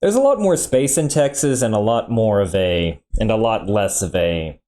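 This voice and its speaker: A man with a very low voice gives relaxed reaction commentary as a nuclear engineer. He thinks aloud in a casual, easygoing way and chuckles here and there. Faint music plays underneath. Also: moderate pace.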